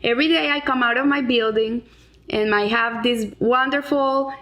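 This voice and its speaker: A woman's voice: fairly high pitch, moderate pace, sharp tone. A middle-aged woman explaining a weekly Torah lesson in an earnest way, with frequent restarts and Hebrew terms. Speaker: Torah teacher.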